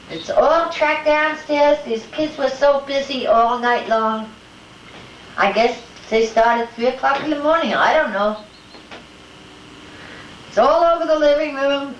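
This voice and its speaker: An older woman being interviewed at home, telling lively family anecdotes and acting out the voices of her family. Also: sits high. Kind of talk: casual storytelling at home. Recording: echoey room, distant mic, dull home-video sound with faint hiss.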